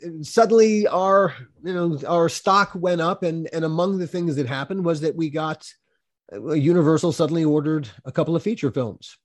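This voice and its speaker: Older guy remembering old shows, keeps restarting his sentences, voice a bit on the high side. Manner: halting, many restarts. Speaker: producer. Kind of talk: casual reminiscing.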